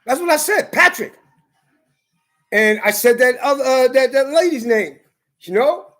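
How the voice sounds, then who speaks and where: A man's voice: very high-pitched, expressive, a little slow, pauses often, fairly bright tone. Man, vlogger, angry defiant rant; emphatic and repetitive delivery.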